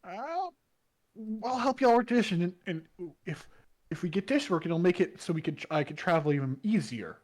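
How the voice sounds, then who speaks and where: An eager, chatty man plays in a tabletop game. His voice sits somewhat high for a man. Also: expressive, normal speed, a little mellow. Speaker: player.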